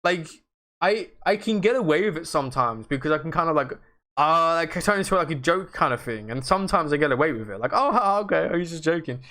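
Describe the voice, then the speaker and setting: A man's voice: on the high side, animated, fast, sharp tone. A young man, chatting casually on a livestream and answering viewers in a rambling, self-mocking way. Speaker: livestream host.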